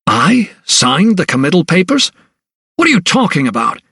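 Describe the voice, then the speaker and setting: A man's voice: medium pitch, lively intonation, normal speed, a bit bright, no echo, studio quality. A man voicing a young male doctor who is earnest and agitated, speaking with urgent strain in an audiobook.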